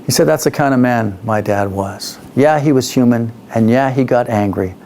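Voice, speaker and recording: A man's voice: medium pitch, normal speed, mellow, slight background noise. A middle-aged man from Canada, a business speaker, telling a story in a conversational way, with fillers and restarts. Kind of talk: storytelling talk.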